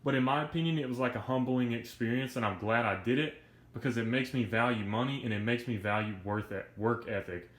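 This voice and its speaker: A young man talking casually and earnestly to his viewers in a vlog, energetic and a bit out of breath, with lots of slang. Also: mid-range voice, a little fast, echoey room. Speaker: YouTuber.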